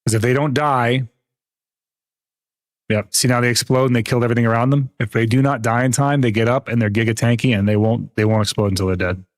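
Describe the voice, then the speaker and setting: A man's voice: mid-range voice, steady tone, fast talker, no echo, clean studio sound. A young man streaming a video game, chatting casually with viewers, laughing often and explaining game mechanics. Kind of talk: casual gameplay commentary.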